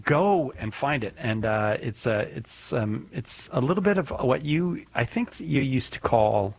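A man's voice: medium pitch, animated, unhurried, vocal fry, no echo. A man hosting a live call-in radio show, chatting in a rambling, joking way with many restarts. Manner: rambling, self-correcting, joking. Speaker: radio host.

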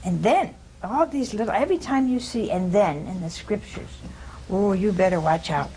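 A woman's voice: mid-range voice, lively intonation, moderate pace, mellow, slight background noise. A woman giving an informal religious talk to a live audience, chatty and humorous, often putting questions to her listeners. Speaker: religious teacher.

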